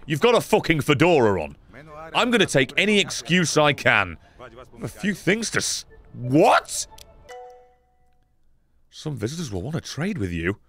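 A young man giving sarcastic, swearing commentary while playing a game, with sudden loud outbursts. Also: on the high side, sing-song, normal speed, pauses often, faint music behind. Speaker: gaming YouTuber. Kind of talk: let's play commentary.

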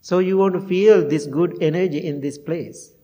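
A middle-aged Buddhist monk gives a heartfelt dharma talk in a temple meditation hall, telling stories and laughing at himself now and then. His voice is high-pitched and dark in tone, at a normal speed. Long hall reverb fills the recording.

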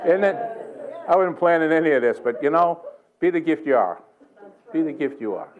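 An older man with a Boston accent, preaching a sermon in a church in a joking, conversational way with quick asides. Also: a little high, animated, narrow, tinny audio, some chatter behind. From Boston area. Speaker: guest preacher. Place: church sanctuary.

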